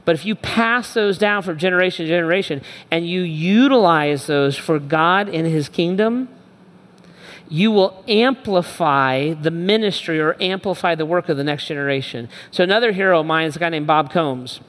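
A man's voice: a little high, normal speed, a bit bright. A middle-aged male pastor preaching a sermon, emphatic and repetitive, speaking straight to his listeners. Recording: long hall reverb.

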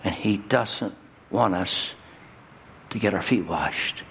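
A male pastor delivering a sermon in a church, his voice jumping high and loud on key words. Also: takes it slowly, creaky, slight background noise. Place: church sanctuary. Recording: long hall reverb, faint ambience.

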